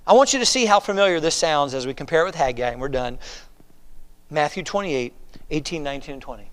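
A man pastor preaching a sermon, swinging from hushed asides to emphatic, drawn-out exhortations. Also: a little high, expressive, clear, resonant tone, long reverb tail.

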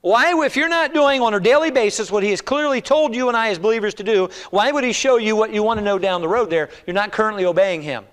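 A man preaching a sermon in a church, swinging between hushed, slow appeals and loud, pleading cries. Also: sits high, clear, resonant tone. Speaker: pastor.

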